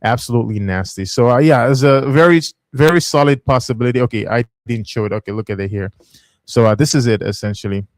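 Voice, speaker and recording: A man's voice: mid-range voice, fast, no echo, studio quality. Chatty man hosting a market livestream. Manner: chatty, laughs easily, reads comments aloud. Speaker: livestream host. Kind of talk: casual livestream market commentary.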